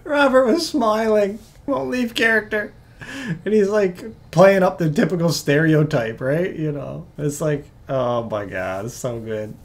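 A movie reaction host with a Newfoundland accent, chatting excitedly through a film and laughing often. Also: medium pitch, measured pace, slight background noise. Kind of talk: casual reaction commentary.

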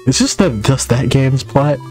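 A man's voice: medium pitch, animated, moderate pace, a little mellow, soft background music. A young man giving casual, joking commentary as he plays a game and chats to his viewers. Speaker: gaming YouTuber.

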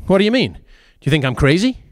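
A man's voice: medium pitch, very animated, fairly quick, no echo, clean studio sound, lightly acted. Nervous young clerk, blustering and flustered, voiced by a man.

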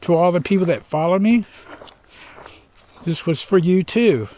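A man's voice: high voice, lively intonation, measured pace, a little mellow, slight background noise. An older man vlogging outdoors on a hiking trail, talking in a heartfelt, rambling way and trying to hold back tears. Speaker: hiker vlogger. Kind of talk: reflective trail vlog.

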